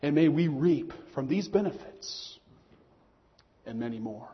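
A man preaching a sermon to his congregation in an earnest tone, slowing down on key phrases. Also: on the high side, expressive. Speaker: pastor. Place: church hall. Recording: muffled long hall echo.

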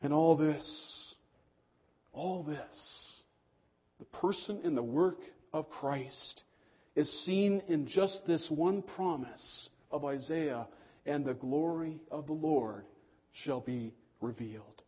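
A man preaching a sermon to his congregation as pastor, swelling on key lines and dropping low and slow for emphasis. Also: husky, highs cut off.

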